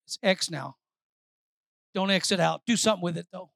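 A woman pastor preaching a sermon, moving between quiet asides and shouted, repeated phrases for emphasis. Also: on the low side, moderate pace, gravelly, dry recording.

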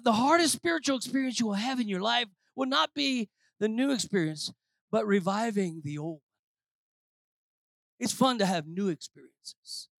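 A pastor preaching a sermon, swinging between shouted declarations and low, quiet asides. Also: male voice, vocal fry, dry recording, studio quality.

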